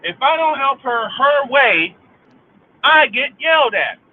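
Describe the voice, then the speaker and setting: A man's voice: very high-pitched, sing-song, slow pace. A middle-aged man hosting a livestream, venting in an angry, profane monologue and repeating lines for emphasis. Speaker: livestream host. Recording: tinny phone-like sound.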